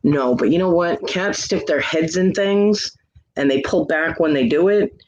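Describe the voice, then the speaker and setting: A man's voice: on the high side, measured pace. A man telling a long, rambling story in casual chat, swearing freely and quoting the people involved. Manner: rambling, profane, quotes others. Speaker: streamer chatting with friends. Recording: muffled lo-fi mic with faint hiss.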